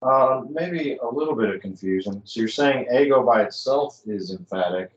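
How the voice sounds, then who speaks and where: A man's voice: medium pitch, animated, moderate pace, echoey room, distant mic, lo-fi sound. A man in a class, hesitantly asking the teacher to clarify a point. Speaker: student. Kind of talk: classroom question.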